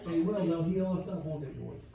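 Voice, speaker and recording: A man's voice: fairly high pitch, a little fast, vocal fry, distant mic, dull audio, heavy background noise. A man telling crude stories on stage, laughing at his own jokes. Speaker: stand-up comedian. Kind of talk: stand-up storytelling. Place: live comedy club. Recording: echoey club heard from afar.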